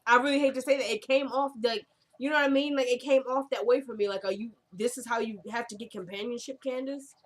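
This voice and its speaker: A woman's voice: fairly even intonation, fast talker. A woman giving a casual, rambling recap of a TV drama episode, full of fillers and self-corrections. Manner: drops into quieter, lower tones when quoting characters.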